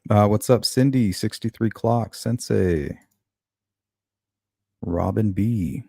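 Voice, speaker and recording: A man's voice: on the low side, slow, creaky, dark tone, slightly rough, no room sound, studio quality. A man hosting a live true-crime stream, musing over a case and greeting viewers in chat. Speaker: host of a true-crime livestream. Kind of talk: casual live commentary.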